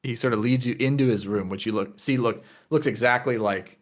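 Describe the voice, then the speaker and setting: A man narrating as game master of a tabletop game, relaxed and full of fillers. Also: mid-range voice, a little fast.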